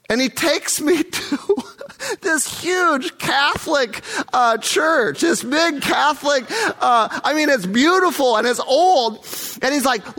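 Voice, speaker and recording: A man's voice: very high voice, lively intonation, takes it slowly, pushed and bright. A man working as a missionary tells a first-person testimony story, earnest and vivid, acting out the dialogue.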